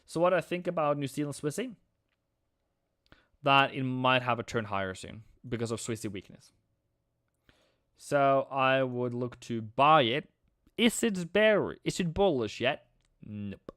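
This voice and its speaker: A man hosting a live trading stream, excitable and slangy, calling viewers mate and bro. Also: mid-range voice, measured pace, long pauses, no echo, clean studio sound.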